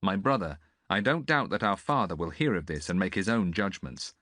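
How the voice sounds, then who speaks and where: A man's voice: low-pitched, lively intonation, moderate pace, sharp tone, no room sound, clean studio sound, full character voice. A man voicing a tall, confident young prince in an audiobook, commanding but amiable.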